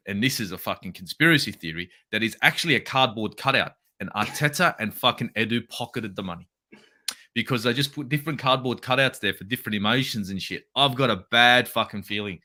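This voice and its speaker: Bright, sweary Australian man. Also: mid-range voice. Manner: sweary, jokey, mocking. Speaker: guest fan on call.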